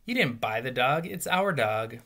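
A man's voice: medium pitch, animated, unhurried, sharp tone, heavily acted. A man voicing a firm, impatient mother who speaks in a no-nonsense way.

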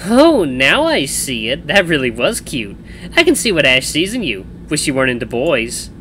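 A man voicing a teasing, energetic young woman, the playful sister, reading a visual novel aloud. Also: fairly high pitch, normal speed, slight background noise, heavily acted. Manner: bouncy, teasing, loud.

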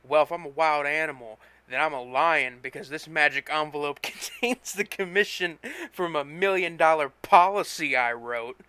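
A man reading a story, voicing an excited, swaggering young salesman full of himself. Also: on the high side, normal speed, hardly any pauses, clean tone, dry recording. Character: brash, boastful young male salesman.

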